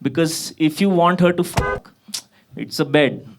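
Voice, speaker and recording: This is a profane stand-up set by a Kashmiri comedian in his thirties, his voice fairly high and a bit slow against a noisy background in a club. The crowd laughs as he lands exasperated punchlines, his voice rising sharply when he gets riled.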